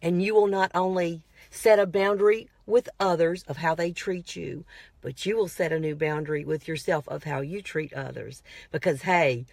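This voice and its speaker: A woman's voice: on the low side, steady tone, normal speed, creaky, darkish tone, dry recording. A woman vlogger giving motivational self-help advice, emphatic and repetitive, with a prayerful, coaching manner. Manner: earnest, prayerful sign-off.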